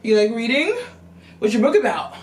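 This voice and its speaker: A man's voice: extremely high pitch, sing-song, moderate pace, recorded from a distance, a little hiss or hum, pitched above the performer's own voice, poor audio. A woman mimicking a pushy old man who pesters a stranger on a train with prying questions.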